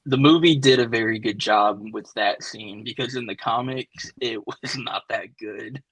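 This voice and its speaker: A man in a casual movie review podcast chat, relaxed and a little hesitant, full of fillers as he compares the film to the comics. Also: medium pitch, normal speed, breathy edge, no echo, poor audio. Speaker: podcast co-host.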